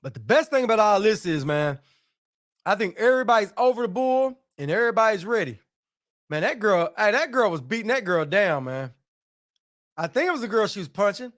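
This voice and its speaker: During a casual live stream, a man with a high voice talks a little fast, peppering his speech with slang and brief side comments. He calls out viewers by name and trades easygoing banter with them.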